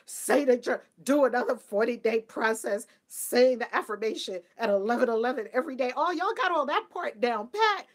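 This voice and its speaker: Lively, laughing woman spiritual host. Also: on the high side, normal speed, hardly any pauses. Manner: laughs often, animated and playful; mimics people in a flat, dutiful voice. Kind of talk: casual spiritual talk to viewers.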